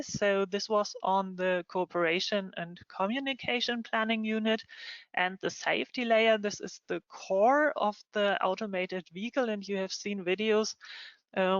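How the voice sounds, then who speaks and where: A woman's voice: mid-range voice, fairly bright tone, no room sound. A woman moderating a project webinar online, speaking with many hesitant ums. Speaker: session moderator. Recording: dull lo-fi online call.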